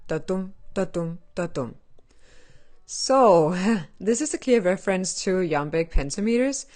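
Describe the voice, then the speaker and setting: Low-voiced woman explaining playfully. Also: darkish tone. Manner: chatty and playful, with nerdy asides. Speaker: gaming channel host. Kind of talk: casual explanatory gameplay commentary.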